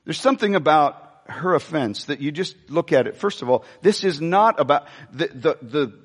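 A pastor preaching a sermon, animated and repeating his phrases, asking the congregation questions as he goes. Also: on the high side, moderate pace, breathy edge. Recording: reverberant church hall.

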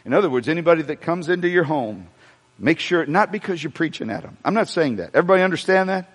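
A man's voice: on the high side, quick pace. A man preaching a sermon to a congregation, joking and asking the room questions as he goes. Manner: animated preaching with humor and asides to the congregation. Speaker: pastor. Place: church sanctuary before a congregation. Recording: long hall reverb.

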